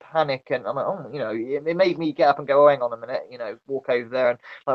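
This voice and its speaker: A man telling a spooky story in a casual, animated way, repeating himself as he goes. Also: mid-range voice, fast talker, few pauses, lo-fi sound. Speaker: guest, paranormal investigator. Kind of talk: casual conversation.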